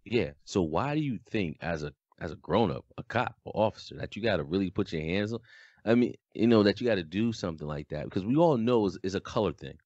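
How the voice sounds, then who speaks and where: A man co-hosting a podcast in casual chat, talking in a flat, deadpan way. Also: lowish voice, quick pace, dry recording, dull audio. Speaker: podcast co-host.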